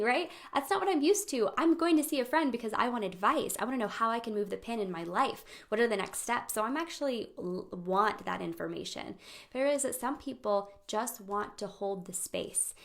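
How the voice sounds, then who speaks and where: A young woman hosting a casual live-streamed talk on friendship, animated, laughing often and acting out quoted voices. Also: mid-range voice, vocal fry. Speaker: host of a friendship training.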